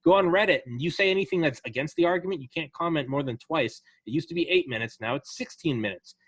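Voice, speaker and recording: A man in casual political chat on a podcast, animated and profane, acting out the people he quotes. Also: on the high side, fast talker, breathy edge, no room sound.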